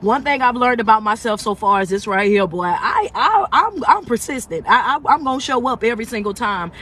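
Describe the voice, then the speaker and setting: A man with a high voice and a sharp, bright tone leads a motivational livestream, talking into his phone. He preaches in a call-and-response way and coaxes his viewers to answer. He builds up to loud, near-shouted points. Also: lively intonation, a little fast, a little hiss or hum. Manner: rising to near-shouting emphasis. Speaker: life coach and motivational speaker. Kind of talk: live-streamed motivational talk.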